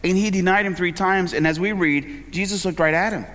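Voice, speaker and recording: Man, pastor, casual rambling sermon, a bit high-pitched, echoing church hall. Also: a little fast, fairly bright tone. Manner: conversational, rambling with fillers and asides. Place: church sanctuary.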